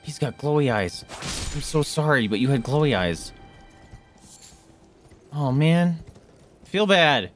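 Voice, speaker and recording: A man streaming a video game live, reacting excitedly to what happens and chatting with his viewers. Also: on the high side, a little slow, long pauses, faint music behind.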